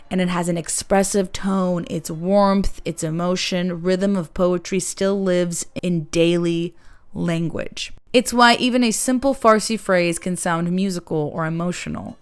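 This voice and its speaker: A woman giving a calm, measured lesson as an accent coach, explaining sounds step by step. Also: lowish voice, clean tone.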